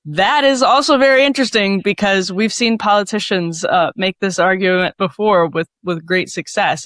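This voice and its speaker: A woman's voice: fairly low pitch, fairly bright tone, dry recording. A woman giving political analysis as a panel guest, thoughtful and fluent, with frequent "uh" and "like".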